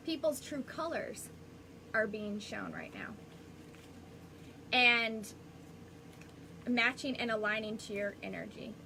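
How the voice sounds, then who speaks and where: A woman's voice: on the high side, pushed and bright, a little hiss or hum, rough recording. Chatty woman psychic medium. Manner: rambling, chatty, restarts often. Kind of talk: live-streamed spiritual reading.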